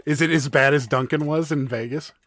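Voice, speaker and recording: A man's voice: fairly high pitch, steady tone, fairly quick, fairly bright tone. A man co-hosting a livestream in casual chat, joking and laughing often as he teases his partner. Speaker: co-host of a reseller livestream.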